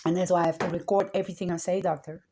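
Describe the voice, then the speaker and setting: A woman podcaster in a rambling monologue, laughing often and swinging between low murmurs and loud excited bursts. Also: very fast, noisy background.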